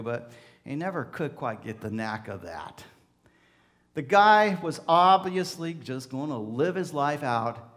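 A man preaching a storytelling sermon, animated, swelling and softening, often repeating words. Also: mid-range voice. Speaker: pastor.

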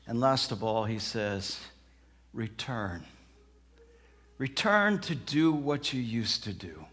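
A man preaching a sermon, telling stories and acting out the people in them, moving between soft, slow passages and loud outbursts. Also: mid-range voice, very animated. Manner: dramatic, acts out quoted voices, swings from soft to loud. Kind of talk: sermon with storytelling.

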